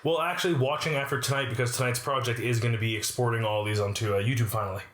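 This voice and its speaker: A young man co-hosts a casual podcast, joking and chatting over a beer. His voice sits at an ordinary middle pitch. The room around him is roomy and echoes noticeably. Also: fairly even intonation, fast talker, fairly bright tone. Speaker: podcast co-host. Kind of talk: casual chat. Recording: roomy echo.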